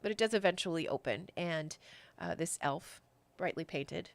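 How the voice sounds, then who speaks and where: Woman game master, relaxed chatty narration, dry close mic. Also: fairly low pitch, normal speed, no echo. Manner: casual and chatty, with many fillers.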